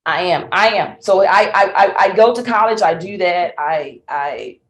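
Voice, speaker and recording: Woman, middle-aged, Southern accent, animated storyteller, lowish voice, echoey room. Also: moderate pace. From Mississippi. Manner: animated storyteller who laughs often and acts out voices. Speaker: guest, singer and speaker. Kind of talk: storytelling interview.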